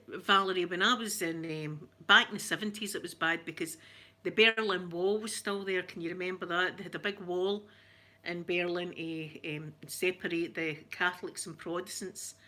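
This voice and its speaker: Here a Scottish host in middle age speaks in a lowish, pushed, bright voice. Her livestream is a casual live-chat rant full of rambling talk, frequent laughter, and viewers greeted by name.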